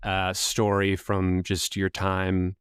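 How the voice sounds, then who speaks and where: A man hosting a podcast interview, asking questions in an easygoing, halting way. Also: deep voice, completely flat delivery, smooth, dry recording, studio quality. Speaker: podcast host. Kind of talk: casual interview.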